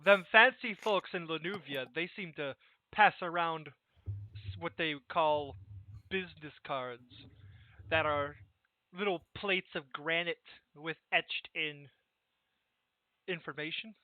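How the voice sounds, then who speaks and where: A stern, proud ship captain, played by a man in a tabletop game, formal one moment and rough and folksy the next. The voice is somewhat high and comes through a thin, phone-like line with a dry, close sound. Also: takes it slowly, long pauses, dry recording. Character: proud, gruff male ship captain who guards his reputation. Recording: tinny, dry voice-call audio.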